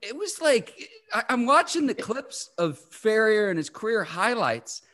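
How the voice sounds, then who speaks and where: A man's voice: sits high, very animated, a little slow, pushed and bright. A man hosting a podcast, talking reflectively in a casual interview. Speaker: podcast host.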